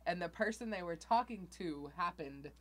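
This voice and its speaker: A woman's voice: fairly low pitch, expressive, normal speed. A woman guesting on a podcast in casual chat, speaking thoughtfully and reflectively, with some teasing.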